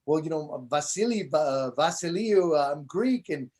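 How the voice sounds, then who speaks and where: A man's voice: a little high, normal speed. A comedian in a casual interview, talking with a voice sitting a little above the usual male range. He tells stories with energy and slips into voices for the people in them. The delivery is loose, chatty and built around getting to the punchline. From United States. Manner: animated storyteller, acts out voices in anecdotes. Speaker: guest comedian.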